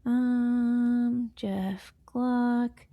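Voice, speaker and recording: A woman's voice: fairly high pitch, fairly even intonation, very slow, dry recording, phone-quality sound. A woman co-hosting a podcast, chatting casually about motorsport in a blunt, sweary way and laughing often. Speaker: podcast co-host.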